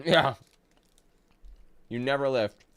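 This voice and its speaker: A man giving gameplay commentary, exasperated, swearing and yelling at the game. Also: medium pitch, takes it slowly, background noise. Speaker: gaming video creator. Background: racing game engine and ambience.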